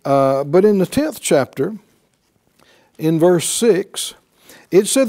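A man's voice: high-pitched, big pitch swings, slow, long pauses, warm tone. A middle-aged man preaching a sermon, teaching with emphatic points and rhetorical questions. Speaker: pastor.

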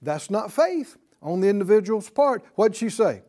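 A man's voice: high voice, very animated, normal speed, hardly any pauses, a little mellow. A man teaching a Bible class, emphatic, repeating key words and asking the class rhetorical questions.

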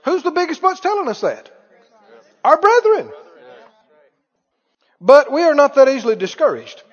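A pastor preaches an animated, emphatic sermon with sharp swings in loudness. His voice is very high for a man. The audio is dull and rings with long hall reverb. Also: moderate pace. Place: church hall.

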